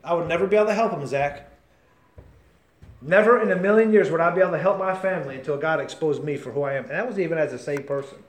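A man preaching a sermon with great passion, swinging from shouts to near-whispers and calling his listeners by name. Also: fairly high pitch, fast, echoey room, slight background noise.

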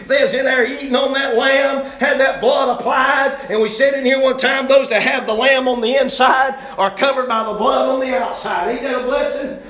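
A man preaching a sermon, telling the story in a folksy way and swinging from shouting to hushed tones. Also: very high-pitched, echoey room.

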